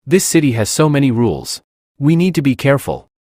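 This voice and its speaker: A man's voice: medium pitch, sing-song, fairly quick, a little mellow, dry recording, studio quality. A man voicing an anxious young male bounty hunter who plans for his team. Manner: worried and lovestruck.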